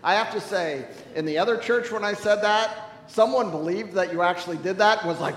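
A man preaching a sermon as a pastor, telling stories animatedly and swinging from loud to hushed. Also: high voice, brisk, hardly any pauses, roomy sound, in a large hall, poor audio.

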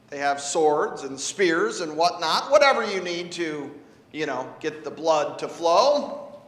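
A man delivers a sermon in a high voice and a slow, conversational pace, asking his listeners questions and leaning on words for emphasis. He is recorded in a church sanctuary, and his voice rings through a roomy hall with a long reverb tail. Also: a bit bright. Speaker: preacher.

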